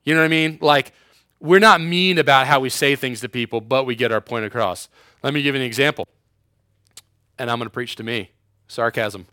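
A man's voice: medium pitch, a little fast, sharp tone, no room sound, clean studio sound. A young man preaching a sermon in a casual, joking way, acting out quotes and using sarcasm. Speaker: youth pastor.

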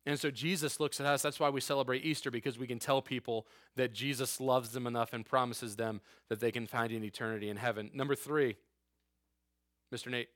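A man's voice: mid-range voice, steady tone, fairly quick, fairly bright tone, dry recording. A male pastor delivers an earnest, conversational sermon. He mixes emphatic points with casual asides. His voice sits mid-range and sounds close and dry.

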